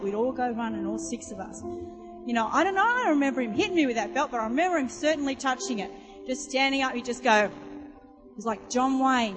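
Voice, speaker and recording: High-voiced woman preaching in a hall. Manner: chatty storytelling, asks the audience questions. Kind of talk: sermon.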